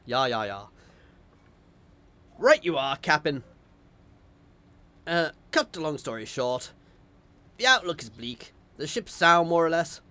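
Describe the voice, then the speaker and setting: A man voicing a gruff, piratical male ship helmsman with salty sailor talk. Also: a little high, fairly bright tone.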